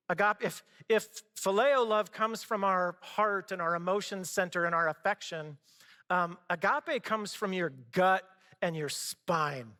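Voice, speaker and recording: In a church sanctuary with long hall reverb, a middle-aged male pastor delivers a sermon conversationally, weaving in personal stories. His voice is high-pitched, bright, and forceful.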